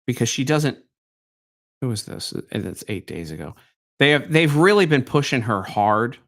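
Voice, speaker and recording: Lively male livestream host. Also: medium pitch, moderate pace. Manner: animated, incredulous, rambling. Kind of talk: live-stream commentary.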